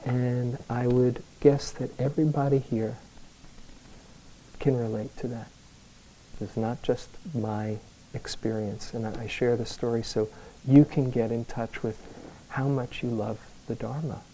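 A man giving a dharma talk to a live group as a meditation teacher, telling a personal story slowly, with hesitant restarts. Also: mid-range voice, little pitch movement, mellow, a little hiss or hum, rough recording.

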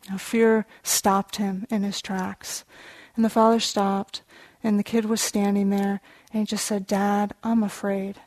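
A woman meditation teacher telling a story in a dharma talk, in a gentle, unhurried storytelling manner, explaining contemplative terms. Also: mid-range voice, flat delivery, dry recording.

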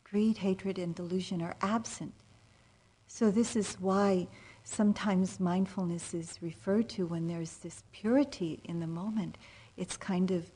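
A woman meditation teacher giving a dharma talk, speaking softly and unhurriedly, often trailing into near-whispers, with frequent gentle fillers. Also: lowish voice, steady tone, measured pace, husky. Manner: soft-spoken, drifting into near-whispers. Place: meditation retreat center.

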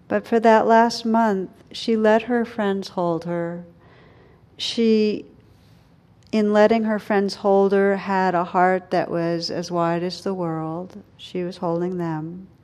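A middle-aged woman leads a dharma talk as a meditation teacher. Her voice sits in an ordinary middle pitch. She speaks gently and without hurry, sinking to a hush on the most tender phrases. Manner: gentle, unhurried, drops soft and quiet on tender words.

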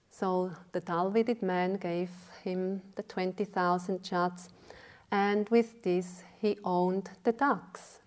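A woman meditation teacher giving a dharma talk, telling a teaching story in a deliberate way. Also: lowish voice, little pitch movement.

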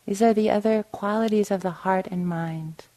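A woman's voice: mid-range voice, normal speed, poor audio. A woman meditation teacher giving a dharma talk, often checking in with listeners and telling a story. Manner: warm storytelling with frequent "right?" asides. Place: meditation hall.

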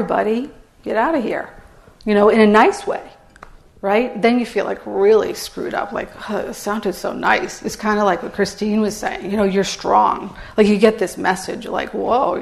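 Woman, meditation teacher, dharma talk, gravelly, fairly high voice, candid and conversational. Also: a little mellow. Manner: candid, conversational, many "you know" fillers. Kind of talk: dharma talk to retreat audience. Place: meditation hall.

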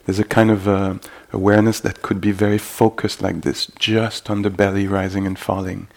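In a retreat hall for meditation, a gravel-voiced male teacher speaks low and evenly. His dharma talk unfolds hesitantly, peppered with fillers and gentle side comments.

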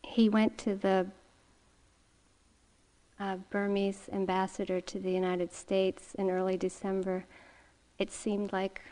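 A middle-aged woman teaches meditation in a calm dharma talk. She speaks very slowly and gently, her voice sitting at an ordinary pitch. She tells her story unhurried, breaking now and then into soft laughs.

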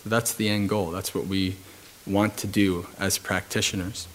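A monk giving a Dhamma talk at a retreat, telling stories calmly with frequent fillers and restarts. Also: male voice, low-pitched, normal speed, a little hiss or hum.

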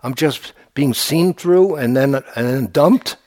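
A man's voice: medium pitch, slow, darkish tone, close to an everyday voice. A man voicing his own ego as a self-pitying male inner voice that complains about being dumped. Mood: aggrieved.

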